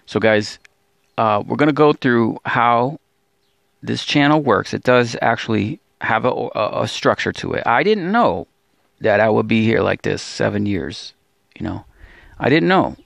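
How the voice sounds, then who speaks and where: Discouraged guy pleading on his bible channel, gravelly voice, dry sound, keeps restarting and repeating himself. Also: medium pitch, animated, unhurried, fairly bright tone, no room sound. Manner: pleading, repetitive, stammering restarts. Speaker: Bible teacher and channel host. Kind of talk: emotional religious vlog monologue.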